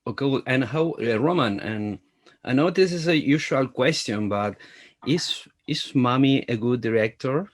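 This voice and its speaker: A man's voice: medium pitch, lively intonation, moderate pace. Latin american guy, spanish speaker, interviewing over a video call, careful hesitant english. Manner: hesitant, apologetic about his English. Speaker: journalist interviewer.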